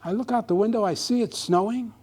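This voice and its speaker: A man's voice: sits high, fairly quick, a little mellow, slightly rough. A man giving a humorous speech at a club meeting, telling a comic story to a live audience. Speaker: club speaker.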